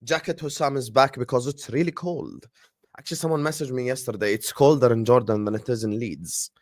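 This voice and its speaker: Man, live-stream host, casual football talk, hyped shout-outs, dry close sound. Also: mid-range voice, brisk, no echo.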